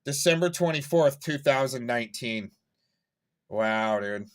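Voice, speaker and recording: A man's voice: mid-range voice, expressive, a little slow. A man reacting to an old clip on his stream, laughing often and rambling in amused, mocking commentary.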